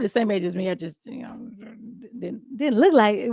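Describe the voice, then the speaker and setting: A middle-aged woman hosts a live-streamed show from home, talking straight into a close webcam. Her delivery is chatty and loose, full of restarts and laughter, at an ordinary pitch for a woman. The sound is dry, with no room echo. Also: expressive, moderate pace, vocal fry, hardly any pauses, darkish tone. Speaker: host. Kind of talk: casual live-stream chat. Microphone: webcam close to face.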